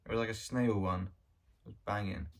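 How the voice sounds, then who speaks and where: A man's voice: lowish voice, steady tone, a little fast. Rambling man vlogging. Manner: rambling, joking, trails off into mumbled asides. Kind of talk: casual vlog talk.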